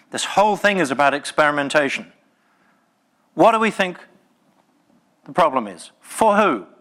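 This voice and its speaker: Man, conference speaker, passionate, emphatic, bright edgy tone, fairly high voice. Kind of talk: live tech conference talk. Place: conference session room.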